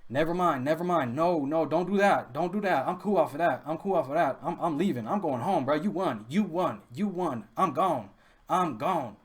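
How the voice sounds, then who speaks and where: A man's voice: animated, moderate pace, husky. A man doing a panicked guy begging off a fight. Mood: panicked pleading. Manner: pleading, repeating himself in a high voice.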